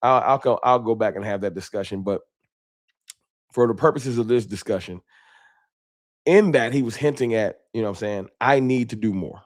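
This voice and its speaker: A man's voice: lowish voice, moderate pace, long pauses. Guy with a little lisp running a sports live stream, hyped, slangy, talking right at chat. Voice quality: slight lisp from aligners. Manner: animated, talks straight to chat, slangy.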